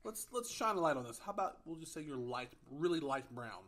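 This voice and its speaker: A man's voice: on the high side, sing-song, brisk, fairly bright tone. A man guesting on a casual podcast, telling stories in an earnest, friendly way.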